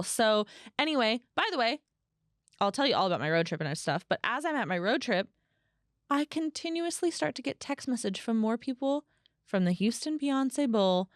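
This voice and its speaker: Chatty woman podcaster, smooth dry voice. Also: a little fast, no room sound. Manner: chatty, animated storytelling with frequent "like" and swearing; acts out quoted voices in a higher pitch. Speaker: podcast host. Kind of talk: solo podcast monologue.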